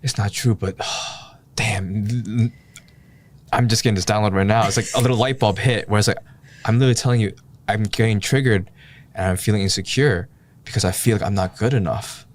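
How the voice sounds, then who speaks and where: Deep-voiced man, reflective and candid. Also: fairly quick. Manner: reflective and candid, thinking aloud with sighs. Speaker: podcast co-host. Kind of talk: casual heart-to-heart chat.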